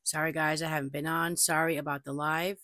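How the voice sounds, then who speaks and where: A woman's voice: deep voice, flat delivery, a little fast, pushed and bright, no room sound, clean studio sound. A woman hosting a paranormal video channel, chatting casually and animatedly to her viewers at a desk mic, telling stories and repeating herself for emphasis. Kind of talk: casual chat to camera.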